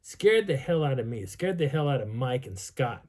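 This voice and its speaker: A man telling a personal outdoor story in an animated way, acting out sounds and voices. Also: mid-range voice, moderate pace. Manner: lively, acts out sounds and dialogue. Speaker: vlogger telling a field story.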